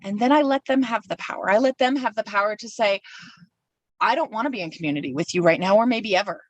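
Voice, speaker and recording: A woman's voice: mid-range voice, fast talker, recorded from a distance, highs cut off. A woman delivering a sermon from a pulpit, reflective and personal, speaking her feelings aloud as she works through them. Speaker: minister.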